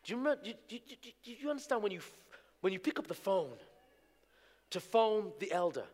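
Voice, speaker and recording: A male preacher telling his testimony in an animated sermon, moving between hushed storytelling and shouting. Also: high-pitched, brisk. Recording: echoey hall reverb.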